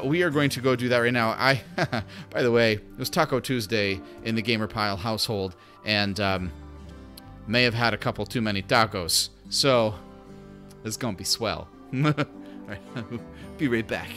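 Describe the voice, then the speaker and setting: A man's voice: mid-range voice, normal speed, a bit bright, faint music behind. A man streaming a video game, chatting casually and talking to the game's characters. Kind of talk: casual gameplay commentary.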